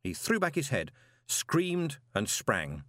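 Male audiobook narrator, low voice, lively swooping delivery, dramatic, dry close recording. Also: no echo. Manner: dramatic, expressive, drawn-out pauses. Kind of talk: scripted narration.

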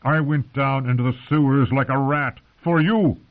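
A man's voice: medium pitch, moderate pace, voice pushed up, lightly acted. A man reading aloud, voicing a big, proud exiled knight who defends himself and pleads, heard through narrow phone-like sound. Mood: pleading.

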